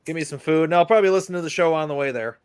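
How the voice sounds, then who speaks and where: A man's voice: a little high, rapid-fire, crowd noise. A man from Wisconsin chatting on a live stream, given to wry remarks and storytelling. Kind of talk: casual live stream chat.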